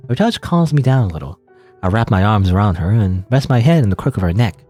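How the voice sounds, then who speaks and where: Let's-play host narrating a story game, low voice with lively, dramatic pitch. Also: male voice, a little fast, faint music behind. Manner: dramatic reading, joking asides, laughs at own slips. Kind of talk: reading a story game aloud with asides.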